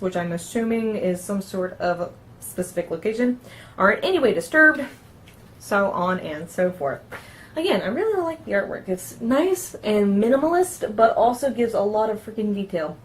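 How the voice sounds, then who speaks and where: A woman with a middle-pitched voice hosts a relaxed tabletop game review. She reads passages aloud from the book in a chatty way, often catching on a word and correcting herself before carrying on with her comments. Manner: chatty, trips over words and corrects herself while reading.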